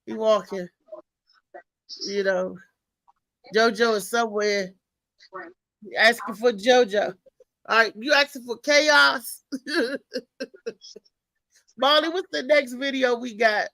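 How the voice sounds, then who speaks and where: A woman hosting a live talk show, chatting in a lively, slangy way and laughing often. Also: on the high side, slow pace, pauses often, dry recording, rough recording. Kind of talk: casual live show chat.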